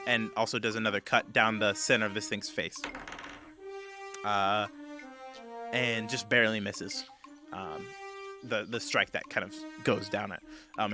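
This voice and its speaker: A man narrating a tabletop game as game master, halting with many restarts. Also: mid-range voice, pushed and bright. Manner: halting, full of fillers and restarts.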